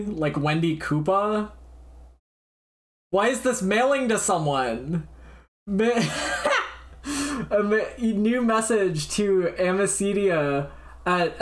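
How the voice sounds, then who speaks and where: With a mid-range voice, this livestreamer chats casually while browsing the web. The talk rambles and gets easily distracted, broken up by frequent laughter and the occasional swear word.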